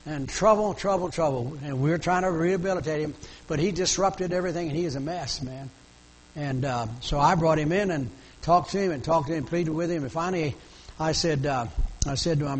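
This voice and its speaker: A man's voice: fairly high pitch, in a large hall, low-quality recording. A middle-aged male pastor preaching a sermon in a fervent, pleading manner.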